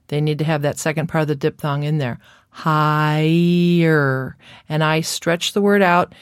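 Slow, low-voiced woman narrating a lesson. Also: dry recording, clean studio sound. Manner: slow, careful, demonstrates sounds. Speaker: speech therapy lecturer. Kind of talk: scripted instructional narration.

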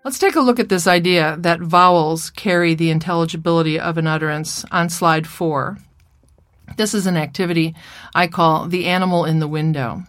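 Woman clinician, slightly low voice, dry close mic, measured lecture delivery. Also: dry recording, faint music behind. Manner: clear, measured teaching voice with playful child and mother impressions. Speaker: speech therapy presenter. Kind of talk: recorded lecture presentation.

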